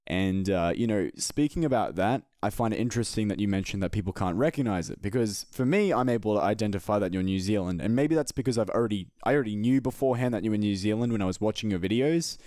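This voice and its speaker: Young Australian man, lowish voice, dry close mic, chatty casual host. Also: expressive, fast talker, hardly any pauses, a little mellow, dry recording. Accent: light Australian. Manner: chatty, swearing, self-deprecating. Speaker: interview host. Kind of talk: casual interview chat.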